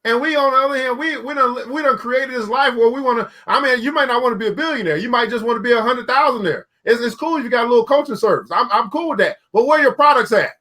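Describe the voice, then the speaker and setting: A man with a high, bright voice hosts a casual talk show about business. He speaks in a folksy, preachy way, circling back and repeating phrases for emphasis. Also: fast, few pauses. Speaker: show host.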